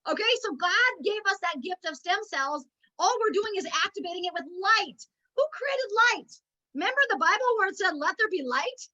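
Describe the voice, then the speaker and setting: A woman's voice: extremely high pitch, expressive, a little fast, sharp tone, highs cut off. A middle-aged woman giving an emotional, preachy motivational talk at a network marketing meeting. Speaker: network marketing team leader.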